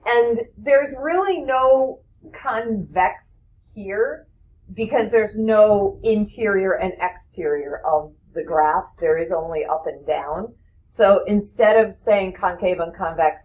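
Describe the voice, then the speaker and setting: A woman teaching math in a classroom, explaining with quick questions to her students. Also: mid-range voice, a little mellow, poor audio. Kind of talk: classroom lecture.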